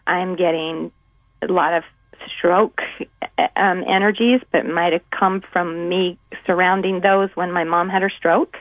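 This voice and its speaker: A woman calling in to a radio show, talking in a worried, halting way. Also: fairly low pitch, fairly even intonation, no room sound. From Salt Lake City. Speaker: caller. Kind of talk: phone-in conversation. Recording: tinny dry phone line.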